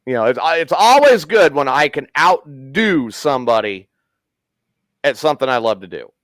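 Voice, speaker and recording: A man's voice: medium pitch, very animated, normal speed, a bit bright, dry recording. A man hosting a casual podcast, telling a long profane story and acting out the quotes. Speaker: podcast host.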